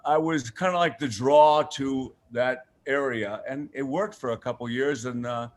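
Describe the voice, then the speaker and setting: Older guy on a radio show, big lively storyteller, laughs a lot, does the voices of people in his stories. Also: medium pitch, unhurried. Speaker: guest.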